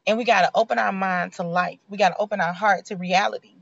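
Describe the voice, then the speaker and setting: A woman's voice: medium pitch, steady tone, fast talker, gravelly, dry recording. A woman, giving a heartfelt, preachy motivational faith talk in a conversational way. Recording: dull lo-fi sound.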